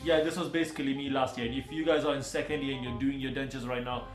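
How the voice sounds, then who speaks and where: A man's voice: mid-range voice, little pitch movement, fast, roomy sound, soft background music, poor audio. A young man in his twenties, a dentist hosting a casual meme reaction chat, joking and explaining things patiently. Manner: playful, jokey, explains patiently. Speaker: dentist and channel host.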